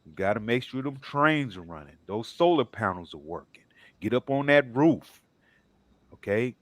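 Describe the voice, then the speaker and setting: A man on a discussion panel speaking in a measured, sermon-like way, with many filler pauses. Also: medium pitch, lively intonation, dry recording. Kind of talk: preachy panel talk.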